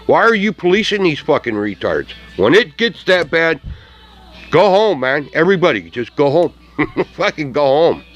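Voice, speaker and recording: A man's voice: on the high side, very animated, moderate pace, a bit bright, muffled recording, faint music behind. A man ranting profanely in a vlog, mocking and laughing at what he sees as things breaking down. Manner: angry, mocking, laughs often, heavy swearing. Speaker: vlogger. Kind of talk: profane rant to camera.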